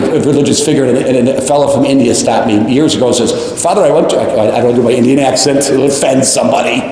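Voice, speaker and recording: A male priest preaching a homily, animated and repeating phrases for emphasis, with jokes and tangents. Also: medium pitch, slight background noise. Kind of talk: sermon. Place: large church. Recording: echoey church, long reverb.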